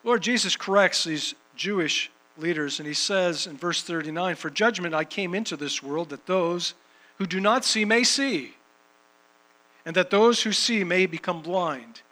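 A man's voice: high voice, a little slow, sharp tone, rough recording. A man preaching a sermon and reading scripture, emphatic, repeating phrases for rhythm.

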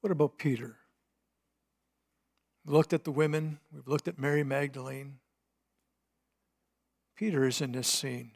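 A man preaching a sermon, retelling a scripture scene dramatically, swinging between hushed and emphatic delivery. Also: medium pitch, steady tone, a little slow, vocal fry, long pauses. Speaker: pastor.

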